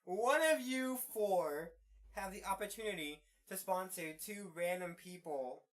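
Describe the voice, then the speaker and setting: A woman's voice: medium pitch, animated, measured pace. A young adult woman hosting a casual podcast chat, telling stories in a rambling way with lots of "like" fillers. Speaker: podcast host.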